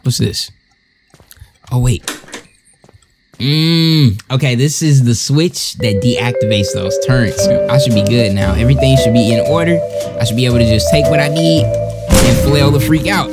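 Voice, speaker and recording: A young man in mid-range pitch narrates his own game as he plays. He jumps between nervous muttering and joking boasts. Game music plays clearly beneath his voice. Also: moderate pace. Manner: jumpy, joking, talks to himself. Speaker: gamer. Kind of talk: let's-play commentary.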